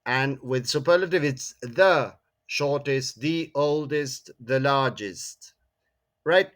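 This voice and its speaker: Slow male English teacher. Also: medium pitch, a bit bright. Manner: frequent tag questions "no?" and "eh?", repeats words. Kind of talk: classroom grammar lesson.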